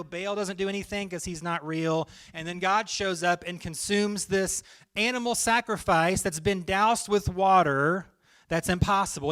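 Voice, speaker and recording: A man preaching a sermon the way he would tell a story to friends, casual and full of jokes. His voice is fairly high and bright, and it carries with some force. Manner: conversational, jokey storytelling. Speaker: pastor.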